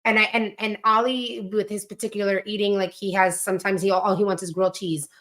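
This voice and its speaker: Woman, podcast co-host, casual chat, mid-pitched, lively when quoting her kids. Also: fairly quick.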